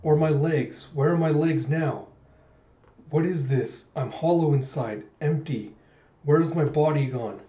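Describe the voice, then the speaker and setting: A man's voice: fairly high pitch, a little slow, mellow, roomy sound, far from the mic, lo-fi sound, natural voice. A man voicing a dying, bewildered male cyborg champion, murmuring his thoughts plainly.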